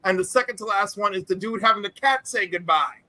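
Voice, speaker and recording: Bright-voiced blunt man. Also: high voice, fast, no echo. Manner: emphatic, blunt, swears freely. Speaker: panel guest. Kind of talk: casual chat.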